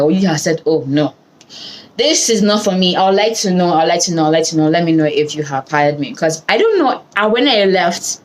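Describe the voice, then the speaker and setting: A young Nigerian woman vlogger telling a story in a casual, animated way, laughing often and slipping into Pidgin. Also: low voice, a little hiss or hum, poor audio.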